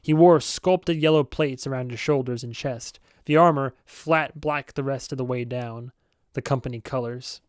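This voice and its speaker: A man narrating a novel as an amateur audiobook reader, steady and with self-aware asides. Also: mid-range voice, normal speed, smooth, no echo, clean studio sound.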